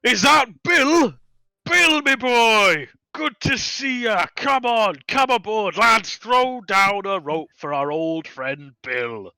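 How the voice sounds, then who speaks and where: A man voicing a loud, jovial, heavyset male ship captain who talks slowly and heartily. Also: no room sound, exaggerated voice, poor audio. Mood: hearty. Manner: booming, slow, hearty.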